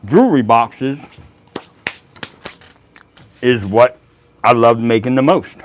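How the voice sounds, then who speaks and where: Easygoing male woodworking host, unhurried rambling chat. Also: medium pitch, lively intonation, slight background noise. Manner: laid-back, rambling, laughs often. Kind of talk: casual livestream chat.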